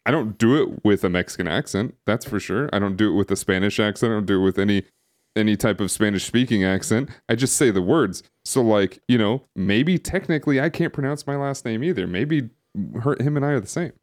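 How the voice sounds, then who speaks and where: He's a podcast co-host with a fairly low voice and a slightly quick delivery. In this casual chat he rambles, leaning on fillers and restarting often; a streaming setup microphone picks him up.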